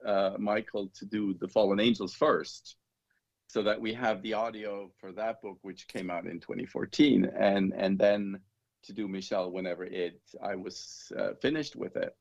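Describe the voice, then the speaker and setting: A man's voice: on the low side, steady tone, normal speed, vocal fry, lo-fi sound. A man being interviewed as an author, talking in a chatty, rambling way with laughs. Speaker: author, guest. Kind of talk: casual interview chat.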